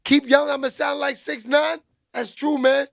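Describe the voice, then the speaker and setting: High, gravelly man shouting out his chat. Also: level tone, normal speed, no echo. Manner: loud, joking, shouts out chat names. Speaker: livestream host reading chat. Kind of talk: casual livestream chat. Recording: music playing behind.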